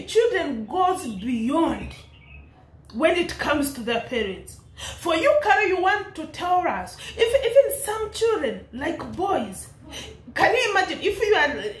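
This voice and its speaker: A young woman with an East African accent and a voice that sits high delivers an impassioned, preachy vlog commentary on a public dispute. She scolds and laughs often between lines, in a reverberant space with slight background noise.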